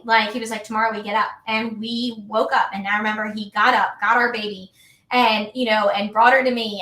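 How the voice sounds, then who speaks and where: Podcast guest: upbeat woman in her 30s, chatty, fairly high voice, echoey room. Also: sharp tone. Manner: chatty, upbeat, many fillers like "like" and "you know". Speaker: guest, health and wellness coach. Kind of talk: casual podcast conversation. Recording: roomy echo.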